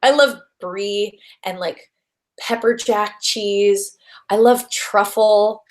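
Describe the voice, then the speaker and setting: A woman's voice: mid-range voice, fairly even intonation, slow. A young adult woman chatting as a guest in a casual interview. She gushes with bubbly enthusiasm and trips over fillers and restarts as she goes. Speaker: voice actress guest.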